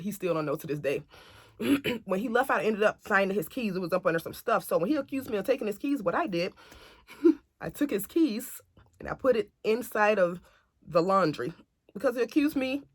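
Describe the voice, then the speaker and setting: A woman telling a family story to camera in a casual, animated way, acting out what others said. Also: medium pitch, fairly quick, dry recording, clean studio sound. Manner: chatty, animated retelling that acts out other people's lines.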